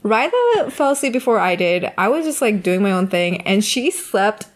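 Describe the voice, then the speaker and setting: A woman's voice: mid-range voice, normal speed. A young woman in casual chat, teasing her friend playfully and laughing as she tells stories. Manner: playful teasing, giggly, lively.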